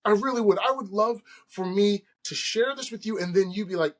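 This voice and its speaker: A man's voice: high-pitched, a little fast, a bit bright. A man hosting his own podcast, talking straight to listeners in an earnest, conversational way and laughing off his own slip-ups. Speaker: podcast host. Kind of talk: solo podcast monologue.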